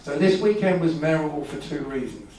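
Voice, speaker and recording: A man's voice: fairly high pitch, lively intonation, brisk, darkish tone. A man telling a personal story at a live event, rambling and anecdotal with hesitations. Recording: echoey hall from far off, faint hum.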